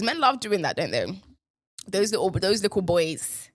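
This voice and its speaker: A woman host, chatting playfully in a deliberately lowered voice, riffing on words and swearing now and then. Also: big pitch swings, dry recording, clean studio sound. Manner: playful, riffing, with bursts of profanity; deliberately lowered voice while in a male persona. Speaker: podcast host. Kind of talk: casual solo commentary.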